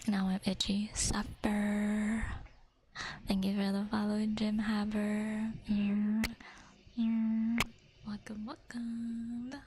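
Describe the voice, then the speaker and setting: A woman's voice: medium pitch, a little mellow, slight background noise, low-quality recording. A woman hosting an ASMR livestream, chatting in a casual whisper, giggly and swearing freely.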